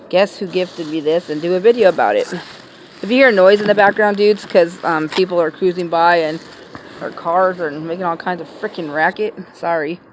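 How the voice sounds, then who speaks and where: A woman chats through a casual unboxing vlog, her voice sitting a little low. She sounds touched and grateful, and her talk stops and starts with fillers and repeated words. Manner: emotional, gushing and grateful; hesitant, many fillers and restarts. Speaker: vlogger. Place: home, passing cars heard outside.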